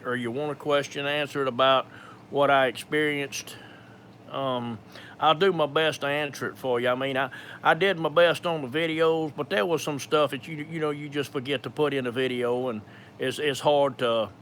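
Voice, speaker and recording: A man's voice: mid-range voice, a bit bright, slight background noise. A man in his fifties with a thick Georgia accent, talking in a folksy, rambling way with many fillers and restarts during a live question-and-answer session. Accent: thick Georgia Southern. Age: 50s. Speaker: ministry speaker.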